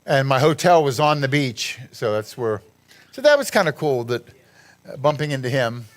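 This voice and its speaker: A man's voice: medium pitch, sing-song, moderate pace. A man giving a rambling, chatty talk over a slideshow, laughing at his own jokes. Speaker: guest speaker at a church gathering.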